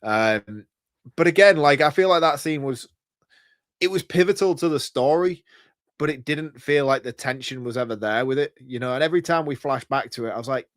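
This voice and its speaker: A man's voice: medium pitch, fairly quick, no echo, clean studio sound. A man co-hosting a casual film review podcast, chatty, laughing often and picking at plot holes. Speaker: podcast co-host.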